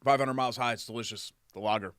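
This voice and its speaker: A man's voice: mid-range voice, steady tone, quick pace, fairly bright tone, clean tone, dry recording. A man co-hosting a sports podcast, chatty and enthusiastic as he reads sponsor plugs. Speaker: podcast co-host. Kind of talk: casual sports chat.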